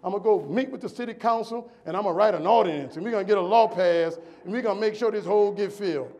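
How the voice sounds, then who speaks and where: A man with a Southern accent voicing a glib mayor who makes smooth, confident promises. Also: sits high, quick pace, darkish tone. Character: glib male mayor making empty promises.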